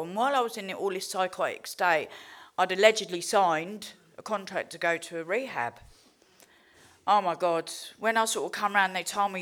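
Blunt, swearing English woman sharing her story. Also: on the low side. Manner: blunt, candid, swears freely; heartfelt, animated storytelling. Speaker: recovery speaker. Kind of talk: personal recovery testimony.

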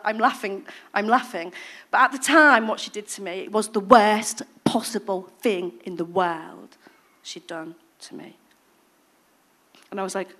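A woman sharing her recovery story in lively storytelling, acting out quoted voices and dropping to a hush at moments. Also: medium pitch, unhurried, pauses often. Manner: animated storytelling, acting out quoted voices, swings from loud to hushed. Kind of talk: personal recovery testimony.

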